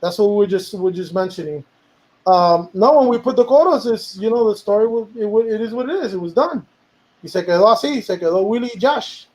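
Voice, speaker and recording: A man's voice: sits high, brisk, darkish tone, low-quality recording. A man, a music producer, talking casually about making a song, rambling and slipping into Spanish now and then. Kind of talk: casual chat.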